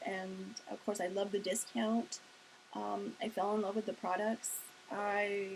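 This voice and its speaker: A sales leader tells a personal story in a casual, chatty way, laughing and acting out the quotes. Her voice is medium-pitched, and the poor audio carries a faint hiss.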